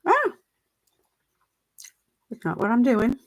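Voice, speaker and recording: A woman's voice: a little high, huge pitch swings, slow pace, low-quality recording. A middle-aged woman, a mindset coach, hosting a casual live stream at her computer. She rambles and laughs at herself while chewing gum, talking into a desk mic. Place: at a table with her computer, indoors. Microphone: plug-in desk mic.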